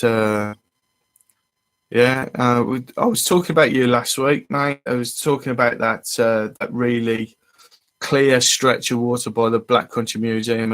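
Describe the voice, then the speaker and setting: Brief: male host, mid-pitched voice, rambling and friendly live-stream chat. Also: a bit bright. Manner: rambling and chatty, greeting viewers as they arrive. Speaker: fishing channel host.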